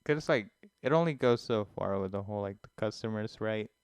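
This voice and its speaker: A young man in relaxed podcast chat, dropping joking comments. His voice is smooth and clear, slightly low, and the close mic gives a dry sound with no room around it. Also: a little fast, dry recording. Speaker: podcast co-host. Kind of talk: casual chat.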